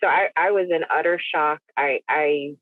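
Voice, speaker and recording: A middle-aged woman with a low voice recounts a personal story as a podcast guest. She speaks earnestly and haltingly, often restarting her sentences. The audio is a narrow, dry phone-call line. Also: dry recording. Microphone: phone or video call.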